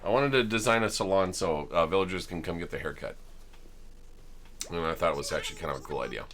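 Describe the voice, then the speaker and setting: A man's voice: deep voice, quick pace, fairly bright tone, slight background noise. A man streaming a life-sim game, chatting casually and chuckling as he tours homes he built. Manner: chatty, amused, chuckles often. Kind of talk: casual gameplay commentary.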